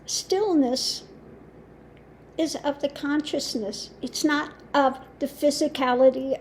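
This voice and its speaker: Woman spiritual teacher, unhurried and mocking, high voice. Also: steady tone, darkish tone, a little hiss or hum. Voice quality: slow, deliberate with long pauses and frequent laughs. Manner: scornful, emphatic, mocking. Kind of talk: casual monologue.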